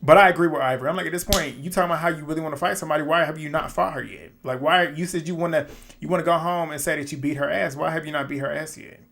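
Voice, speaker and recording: This is a man delivering casual recap commentary on a reality show, in a slightly higher-than-usual voice. He is loose and opinionated, breaks into laughter often, and swears freely as he talks. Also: rapid-fire, creaky, slight background noise. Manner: animated, laughing, profane and opinionated.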